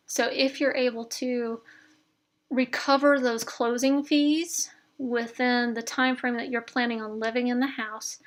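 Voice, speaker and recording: A woman's voice: a little high, a bit bright. Upbeat woman walking through budget math. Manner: chatty and encouraging, with fillers and self-corrections. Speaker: instructor demonstrating a debt spreadsheet. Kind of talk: casual screen-share tutorial.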